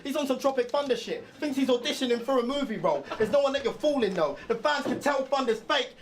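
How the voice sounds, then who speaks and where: A man's voice: extremely high pitch, animated, fast. A man performing a battle rap verse, mocking his opponent with punchy bars and laughing between lines, from a noisy clip. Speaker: battle rapper.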